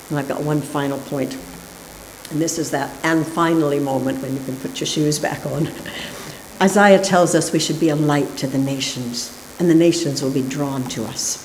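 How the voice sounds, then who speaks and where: A woman with a low voice delivers a sermon from the pulpit. She tells her stories lively and acts out the characters in a joke. A faint hiss runs under the recording. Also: poor audio. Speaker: preacher.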